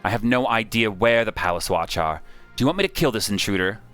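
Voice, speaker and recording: A stern, grim female marshal, voiced by a man, speaking lower and quieter than his usual voice. Her warnings are solemn and measured, with faint music underneath. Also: expressive.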